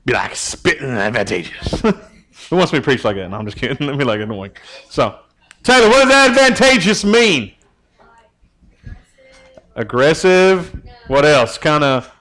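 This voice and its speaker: A youth pastor gives a relaxed sermon. He teases his listeners and keeps throwing questions at them, his voice sitting slightly high for a man. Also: measured pace, long pauses. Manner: joking, teasing, asks the group questions.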